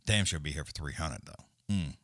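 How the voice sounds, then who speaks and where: A man's voice: a bass voice, moderate pace, no echo, clean studio sound. A man hosting a live stream, rambling casually with lots of swearing. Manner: rambling, profane, animated. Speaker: livestream host.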